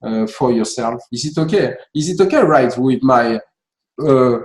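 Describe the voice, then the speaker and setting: French-accented male interviewer, slow and halting, echoey room. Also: mid-range voice, lively intonation. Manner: hesitant, halting, with many fillers. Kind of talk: casual live interview.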